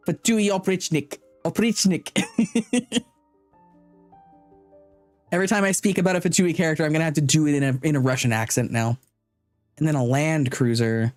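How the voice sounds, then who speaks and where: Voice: mid-range voice, no room sound. A streamer giving casual live commentary on a game, chatty and thinking aloud, sometimes stumbling over unfamiliar names.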